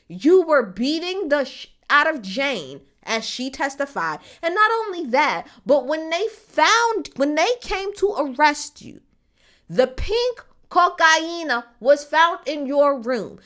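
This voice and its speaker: A young woman with a high-leaning, bright voice delivers casual commentary. She is blunt and exasperated, swearing freely as her pitch swings widely. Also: expressive, takes it slowly. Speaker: commentator reacting to a court case.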